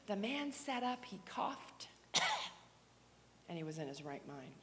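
A woman preaches in a church sanctuary at a medium pitch, her voice trailing into a long reverb. She tells her story with animated swings, dropping to whispers and rising to loud, fervent prayer. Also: normal speed. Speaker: guest preacher. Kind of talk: sermon testimony with prayer.

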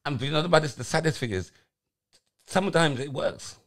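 Gravelly man in his forties. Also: a little high, lively intonation, fairly quick. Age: 40s. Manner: blunt, teasing, swears a lot. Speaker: podcast co-host. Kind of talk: casual banter.

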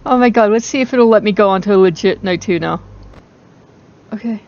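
A woman commenting on her own horror game playthrough into a close microphone, excitable and quick to shriek and laugh. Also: mid-range voice, muffled recording. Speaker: gaming video host. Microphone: close desk microphone.

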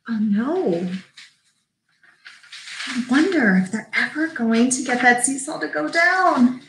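A librarian reading a picture book aloud to children with lively character voices, stopping to chat with her listeners. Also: high voice, gravelly, slight background noise. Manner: animated, does character voices, pauses to talk to kids. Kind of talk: storybook read-aloud. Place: library room. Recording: echoey room.

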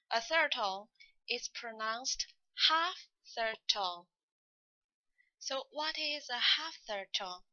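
A woman slowly explaining Mandarin tone rules and demonstrating each word aloud. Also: a little high, sharp tone, no echo, dull audio. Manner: slow, careful, demonstrates tones aloud. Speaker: Mandarin tone teacher. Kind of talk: scripted tutorial narration.

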